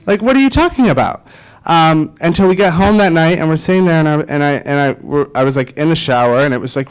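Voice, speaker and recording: A man's voice: medium pitch, clean tone, low-quality recording. Man telling a story with lots of fillers. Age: 20s. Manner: animated, filler-heavy, self-deprecating. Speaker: keynote speaker. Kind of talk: personal storytelling speech.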